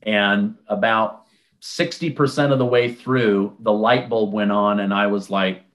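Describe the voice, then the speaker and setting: A man's voice: fairly low pitch, measured pace. A man in a casual interview, telling a personal story conversationally and acting out the dialogue he quotes, with frequent restarts and fillers. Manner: animated, acts out quoted dialogue in a raised voice. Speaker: interview guest.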